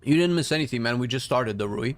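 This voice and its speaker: While playing on stream, a man responds to his chat with blunt takes, working through his thoughts aloud and restarting often. His medium-pitched voice is animated and quick.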